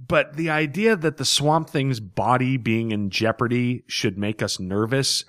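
A man co-hosting a relaxed comic book discussion, animated and quick to laugh. His voice sits in an ordinary middle register and comes across dry and close, with no room around it. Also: mid-range voice, no echo. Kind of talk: casual comic book review chat.

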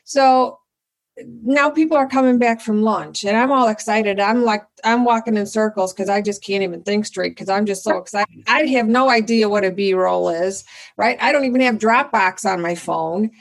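A middle-aged woman, a company founder, telling a story in a casual interview with lively energy and acting out her own remarks. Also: medium pitch, moderate pace. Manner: animated, excitable storyteller who acts out her own lines.

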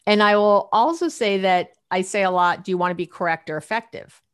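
Woman, middle-aged, therapist, casual interview, animated, laughing, acts out quotes. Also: medium pitch, fairly quick, clean tone. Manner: animated, laughs often, acts out clients' lines. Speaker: relationship therapist guest.

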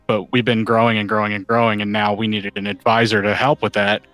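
A man hosting a podcast, chatting casually and telling an animated story, swearing freely. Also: fairly low pitch, fast, dry recording, faint music behind. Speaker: podcast host. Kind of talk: casual chat.

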